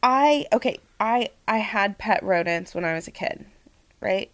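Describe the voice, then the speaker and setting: A woman co-hosting a casual podcast, telling stories in an expressive way. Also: mid-range voice, unhurried, dry recording. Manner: expressive storyteller. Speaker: podcast co-host.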